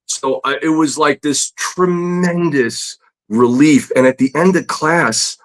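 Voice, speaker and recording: A man, a comic book artist appearing as a guest, telling a story in a casual, animated way with frequent laughs and fillers. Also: a little high, slow, low-quality recording. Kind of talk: casual storytelling in a podcast interview.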